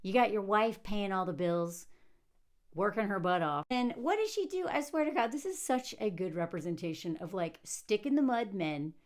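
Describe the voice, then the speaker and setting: A young woman giving casual, sarcastic commentary on a film, animated and acting out quotes. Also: medium pitch, normal speed. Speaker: movie commentator.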